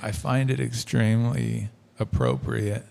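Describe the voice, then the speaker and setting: Dry, gravelly-voiced teasing man. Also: medium pitch, fairly even intonation, a little slow, a little mellow. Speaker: podcast co-host. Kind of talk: casual banter.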